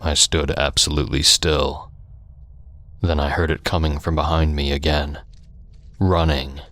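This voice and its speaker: A man with an extremely deep, low voice reads a first-person horror story. His delivery stays flat and even, and his storytelling is steady and hushed. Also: a little slow.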